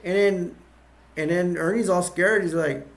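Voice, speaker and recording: A man reviewing a movie by retelling its plot in a rambling, halting way, with many restarts. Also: sits high, steady tone.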